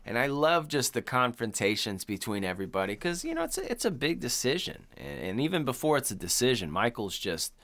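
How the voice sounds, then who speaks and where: A man's voice: medium pitch, very animated, brisk, hardly any pauses, fairly bright tone. A man co-hosting a podcast in casual chat, rambling and swearing, with lots of "like" and "you know". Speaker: podcast co-host.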